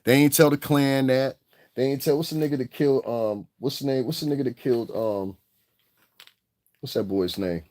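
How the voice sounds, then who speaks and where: A man's voice: medium pitch, moderate pace, a little mellow, dry recording. A man hosting a livestream, ranting angrily and combatively with heavy profanity. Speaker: livestream host. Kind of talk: casual livestream rant.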